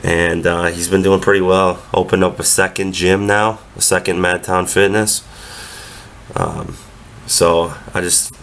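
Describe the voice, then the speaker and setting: A man's voice: sits low, creaky, fairly bright tone, a little hiss or hum. A young man with a stuffy nose from a cold, doing a casual, matter-of-fact voiceover about his own training. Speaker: powerlifter vlogger.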